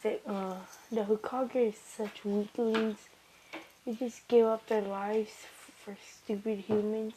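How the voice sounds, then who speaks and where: Slow halting young female storyteller. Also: medium pitch, slight background noise, low-quality recording. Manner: halting, many fillers and restarts, excited during fights. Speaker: fan storyteller. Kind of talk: improvised fan story retelling.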